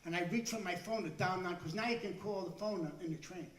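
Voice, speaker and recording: An older man doing stand-up, growing exasperated and shouting his punchlines. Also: high voice, a little fast. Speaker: stand-up comedian. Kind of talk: stand-up routine. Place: club stage before a live audience. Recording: echoey room, far from the mic.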